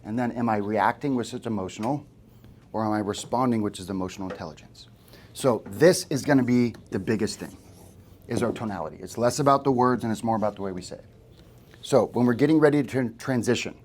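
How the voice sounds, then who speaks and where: There's a bit of hiss or hum behind this man's mid-range, darkish voice as he gives a live sales training to agents. He talks casually and often turns to the room with questions.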